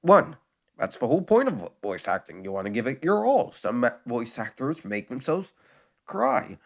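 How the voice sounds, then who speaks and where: A man reads a creepy story aloud and keeps breaking off to mock it with sarcastic remarks. He trips over his words now and then. His voice sits at an ordinary middle pitch for a man. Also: sing-song, normal speed. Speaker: creepypasta reader. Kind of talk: reading a story aloud with comedic commentary.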